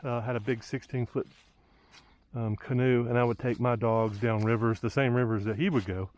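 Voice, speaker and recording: A man's voice: medium pitch, steady tone, moderate pace, a little mellow. A man, thinking aloud with lots of fillers as he films a walk through the woods. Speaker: hiker vlogger. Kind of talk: casual walking commentary. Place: outdoors in woods by a lake.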